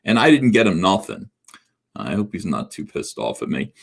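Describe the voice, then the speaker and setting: A gravelly, low voice with wildly swooping pitch belongs to a livestream host in his forties, speaking at normal speed. He reads viewer comments casually, rambling and self-deprecating, with frequent fillers and restarts.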